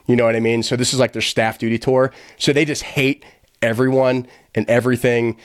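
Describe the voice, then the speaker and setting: In a dry, studio-quality recording, a podcast guest with a mid-range voice recounts a story in casual fashion. He's quick and animated, blunt and profane, laughing often and leaning heavily on fillers.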